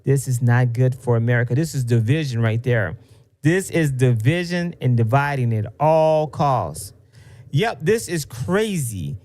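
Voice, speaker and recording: A man's voice: mid-range voice, lively intonation, measured pace, darkish tone, dry recording. A man hosting a commentary show, reacting to a clip in an indignant, repetitive, rambling way. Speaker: host, political commentator.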